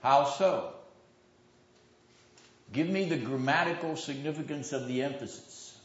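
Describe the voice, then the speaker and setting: A man's voice: medium pitch, unhurried, slight background noise. A man teaching a seminary classroom lecture, stressing his points with rhetorical questions and calling on students by name. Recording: dull lo-fi classroom recording.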